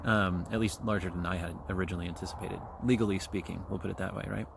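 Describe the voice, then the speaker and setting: Out on a trail, a gum-chewing Kansas City man in his forties delivers a casual solo podcast monologue in a low, gravelly voice. His tone is steady and his pace quick, and he rambles profanely with plenty of fillers. Faint outdoor noise can be heard behind him.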